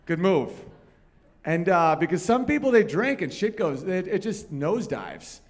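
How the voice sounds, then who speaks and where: A man's voice: high voice, very animated, normal speed. A man doing a live stand-up set on a comedy club stage, telling profane, rambling stories and bantering with the crowd. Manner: crude, profane, rambling storytelling.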